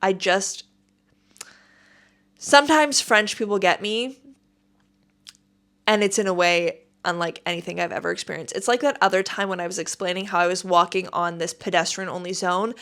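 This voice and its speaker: A woman's voice: lowish voice, brisk, clean tone. A woman hosting her podcast at home, telling a story in a casual, emphatic, exasperated way. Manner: animated, emphatic, exasperated retelling. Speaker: podcast host.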